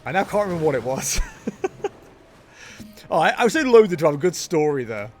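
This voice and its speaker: A man's voice: on the high side, very animated, a little fast, a little mellow. A young man giving casual, jokey gameplay commentary as a streamer, chatting with his viewers. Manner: jokey, self-mocking, chatty with chat. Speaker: game streamer.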